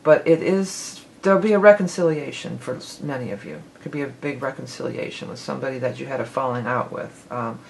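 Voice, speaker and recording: A woman's voice: a bass voice, a little fast, gravelly, hardly any pauses, darkish tone, rough recording. A woman giving a casual tarot forecast, rambling and correcting herself as she goes, with the odd laugh. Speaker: tarot reader.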